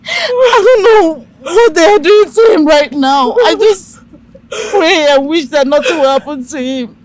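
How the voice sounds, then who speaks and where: A tearful, worried wife. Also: female voice, very high voice, lively intonation, measured pace. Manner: tearful, soothing. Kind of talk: Nollywood film acting.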